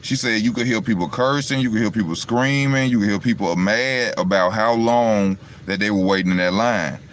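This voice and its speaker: A man's voice: lowish voice, normal speed, a bit bright, a little hiss or hum. Rambling man talking into his phone. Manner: rambling, storytelling, keeps saying "you know what I'm saying". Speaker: vlogger. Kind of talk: casual monologue to viewers. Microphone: phone on charge.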